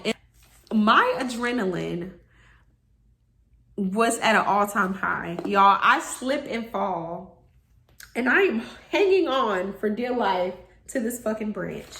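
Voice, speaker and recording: A woman's voice: medium pitch, takes it slowly, slight background noise. A young woman vlogger telling a story in casual chat to her viewers, swearing freely and acting out what people said. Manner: animated, swears freely, acts out quotes. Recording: roomy echo.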